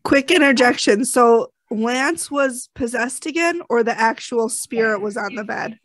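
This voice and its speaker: A woman hosting a podcast interview who chimes in with brief reactions and quick questions. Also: fairly high pitch, no room sound, rough recording. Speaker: podcast host. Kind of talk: casual interview.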